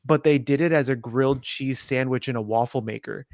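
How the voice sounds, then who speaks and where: A man's voice: mid-range voice, a little fast, darkish tone, dry recording, clean studio sound. A man co-hosting a podcast in casual chat, teasing and laid-back. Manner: teasing, laid-back, says dude and bro. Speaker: podcast co-host.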